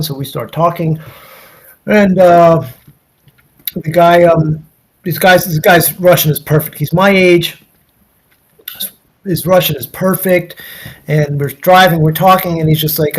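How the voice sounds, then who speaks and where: A man's voice: a little high, moderate pace, breathy edge, low-quality recording. A man from the United States, an interview guest, telling a long anecdote in a rambling way, full of restarts and quoted dialogue. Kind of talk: casual storytelling.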